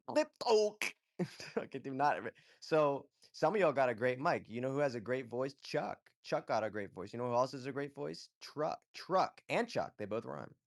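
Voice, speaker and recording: A man hosting a casual live audio chat, giving blunt, profane advice and often checking in with "okay?". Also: on the low side. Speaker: host.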